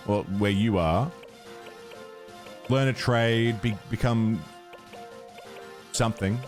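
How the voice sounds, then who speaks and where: An Australian man chatting casually on a game stream, swearing freely, laughing often and rambling with restarts. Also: medium pitch. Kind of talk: casual stream chat while gaming.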